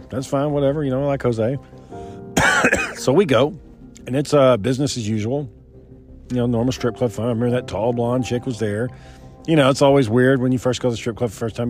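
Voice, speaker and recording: Young man telling a story. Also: mid-range voice. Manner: rambling, swearing often, quoting others in his own voice. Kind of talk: casual profane storytelling.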